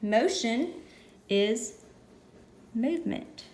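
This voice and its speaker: A patient woman teacher walks through a lesson step by step, in a slightly high voice. The sound is roomy and echoey, as if recorded in a bare classroom. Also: expressive, darkish tone. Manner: patient, explains slowly step by step.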